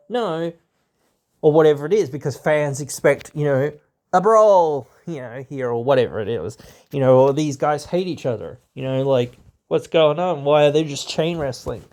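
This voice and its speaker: A man's voice: on the high side, measured pace, a little mellow. A man hosting a podcast, talking casually in a rambling way, with lots of fillers. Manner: rambling, heavy filler words. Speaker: podcast host.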